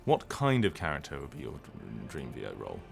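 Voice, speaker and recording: Deep-voiced guy streaming a game, lots of ums, soft music under it. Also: wildly swooping pitch, fast, gravelly. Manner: rambling, hesitant, many ums and restarts. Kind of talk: casual live-stream chat.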